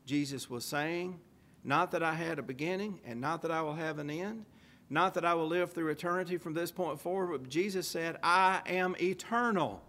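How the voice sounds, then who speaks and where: Male preacher, fairly high-pitched, emphatic sermon delivery with scripture reading. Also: normal speed, pushed and bright. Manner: reads old-style scripture aloud and asks rhetorical questions; emphatic, stressing key phrases.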